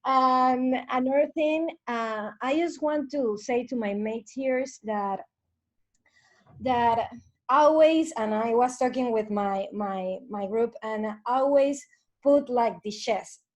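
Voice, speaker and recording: Slow-talking woman. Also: fairly high pitch. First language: Spanish. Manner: laughing, hesitant. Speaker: student. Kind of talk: casual video call discussion.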